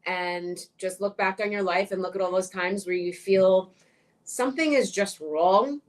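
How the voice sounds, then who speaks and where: A middle-aged woman speaking as an interview guest, direct and frank, swearing and getting animated when she tells stories. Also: medium pitch, measured pace. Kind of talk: casual interview chat.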